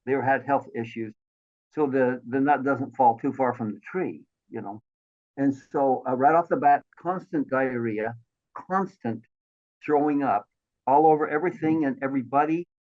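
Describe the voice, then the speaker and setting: A man in his sixties telling his life story as an interview guest, animated and acting out the voices of the people he quotes. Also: medium pitch, unhurried. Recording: thin phone-like line.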